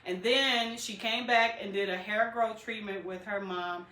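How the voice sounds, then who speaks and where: A woman's voice: medium pitch, steady tone, measured pace, pushed and bright. A woman who runs a hair clinic, hosting a client testimonial and speaking directly to viewers in an upbeat, promotional way. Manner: upbeat, direct, keeps addressing viewers with "listen" and "you guys". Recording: echoey room.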